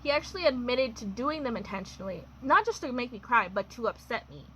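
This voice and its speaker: A woman's voice: fairly high pitch, expressive, fast, bright, forceful tone, a little hiss or hum, poor audio. A young adult woman telling a personal storytime in a chatty, wry way, full of fillers and laughs. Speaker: vlogger. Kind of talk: casual storytime.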